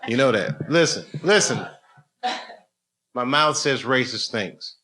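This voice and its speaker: A man's voice: medium pitch, expressive, slow. A middle-aged man, a comedian, joking loosely with people in a live club. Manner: loose, joking, chatty with the audience. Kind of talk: casual crowd banter on stage.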